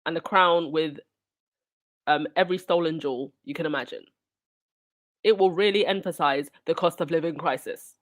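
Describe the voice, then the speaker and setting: A royal news commentator hosting a channel reads news aloud in a low voice at a moderate pace, with long pauses. She keeps breaking off into sarcastic, indignant asides.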